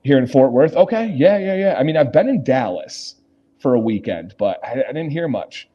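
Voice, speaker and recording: A man's voice: mid-range voice, animated, normal speed, lo-fi sound. A man from Michigan hosting a casual livestream, answering viewer comments and laughing often, speaking from a hotel lobby. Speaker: livestream host reading chat.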